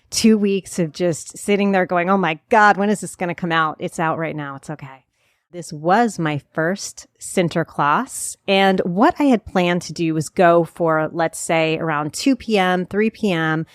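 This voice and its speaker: A woman's voice: lowish voice, dry recording. A middle-aged woman with a New Jersey accent hosting a local podcast, chatty and self-deprecating with rambling asides. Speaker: podcast host.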